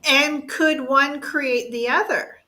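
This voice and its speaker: A woman's voice: high voice, fairly even intonation, slow, bright, forceful tone. A woman hosting a talk show, asking her guests thoughtful questions. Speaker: host. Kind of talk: casual talk show conversation.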